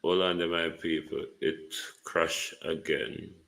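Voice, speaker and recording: A Jamaican man hosts a live online show, fussing aloud at his computer as he speaks to viewers. His voice sits very low with a gravelly fry, yet it carries a bright, forceful edge. He talks at an unhurried pace. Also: level tone. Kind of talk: casual live commentary.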